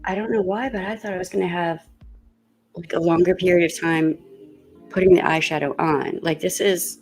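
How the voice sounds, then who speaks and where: A woman's voice: fairly low pitch, steady tone, moderate pace, darkish tone, soft background music. A woman vlogger chatting casually while doing her makeup, thinking aloud with fillers and coughing now and then as she gets over a cold. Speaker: beauty vlogger.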